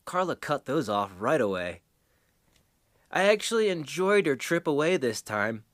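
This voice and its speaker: A man with a fairly low voice rambles through his own show and chuckles along the way. He slips in crude asides as he talks. The sound is dry, with no room around it. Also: fairly bright tone, no echo. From United States. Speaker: host. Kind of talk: rambling casual monologue.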